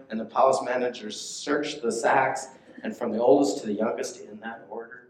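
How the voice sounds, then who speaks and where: Male pastor, conversational teaching sermon, mid-pitched voice, roomy echo. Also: fairly even intonation, normal speed. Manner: conversational teaching, checks in with listeners. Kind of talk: sermon with scripture reading. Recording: echoey room.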